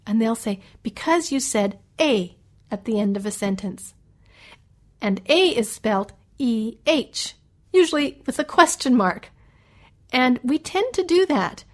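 A middle-aged Canadian woman with a Canadian accent, teaching English in a slow, careful way and reading a list aloud. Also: a little high, lively intonation. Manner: slow and clearly spoken, reads a list aloud.

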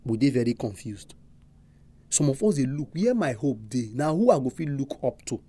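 A preacher with a Nigerian accent delivering a sermon, full of animated, emphatic rhetorical questions. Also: medium pitch, normal speed, no room sound.

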